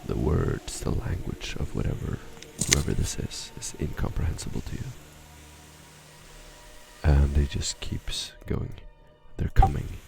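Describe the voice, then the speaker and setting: A man narrating a tabletop game as game master, describing scenes in a measured way with soft near-whispered asides. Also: rumbling low, vocal fry, heavy background noise.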